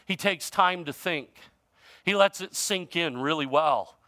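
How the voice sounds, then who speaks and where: A male pastor preaching a sermon in a conversational way, using informal grammar, his voice shifting from loud emphasis to quiet. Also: fairly high pitch, measured pace, no room sound, clean studio sound.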